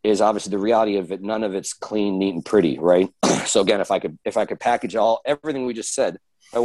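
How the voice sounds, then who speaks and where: A man with a low voice talks quickly and candidly as a coach guest on a podcast. He rambles, swears casually and laughs at himself. The sound is dry and close. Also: darkish tone, dry recording, rough recording. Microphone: video call.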